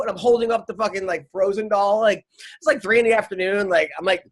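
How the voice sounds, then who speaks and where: A middle-aged man hosts a podcast in loose, casual chat, his voice sitting notably high for a man. He rambles through his stories, stammering and restarting, and swears freely along the way. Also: fast, a bit bright. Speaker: podcast host.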